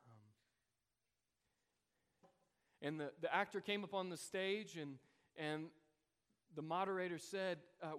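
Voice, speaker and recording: A man's voice: high voice, slow pace, long pauses, fairly bright tone. A man preaching a sermon to a congregation, a pastor telling a story in an earnest, heartfelt way. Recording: long reverb of a large hall.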